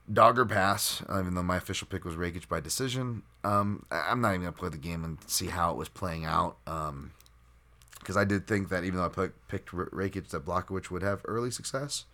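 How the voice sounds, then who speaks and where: A man's voice: deep voice, sharp tone. A man hosting a solo podcast, talking unscripted in a rambling, self-deprecating way with lots of fillers and restarts. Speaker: podcast host.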